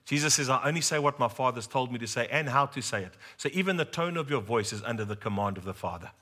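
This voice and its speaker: Middle-aged male pastor; humorous storytelling sermon, bright tone, addresses the congregation directly. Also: medium pitch, animated, fast talker, slightly rough. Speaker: preacher.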